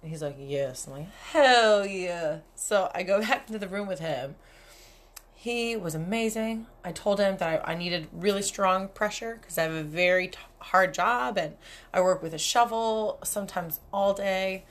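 A woman's voice: medium pitch, normal speed. A young adult woman hosting a casual solo podcast, telling stories candidly with lots of swearing and frequent laughter. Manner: candid, profane, laughs often. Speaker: podcast host. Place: cabin.

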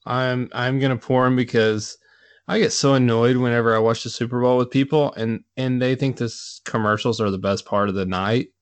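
A man's voice: mid-range voice, steady tone, moderate pace, smooth, no echo. A man co-hosting a casual podcast, grumbling bluntly about things that annoy him. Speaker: podcast co-host. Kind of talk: casual chat.

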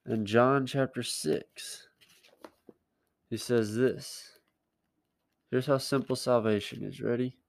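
A man's voice: medium pitch, fairly even intonation, slow, vocal fry, long pauses, no room sound. A male pastor giving a conversational sermon, plain-spoken and emphatic, repeating his key words.

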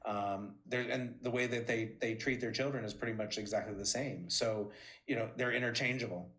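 A chatty man, a former assistant appearing as an interview guest, tells lively stories in casual interview talk at a normal speed. He's an animated storyteller who restarts often, and his voice jumps high whenever he quotes someone.

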